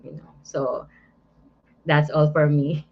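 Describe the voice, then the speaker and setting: A shy woman with a Filipino accent, speaking halting English as a webinar guest. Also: low voice, level tone, lo-fi sound, a little hiss or hum. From Philippines. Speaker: guest giving a testimony.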